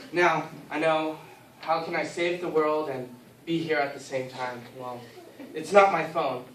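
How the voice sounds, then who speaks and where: A young man giving a class speech, an animated storyteller who acts out his own lines, heard from a far camera in a classroom. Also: mid-range voice, a little hiss or hum. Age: young adult. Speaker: student speaker. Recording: echoey room from far off.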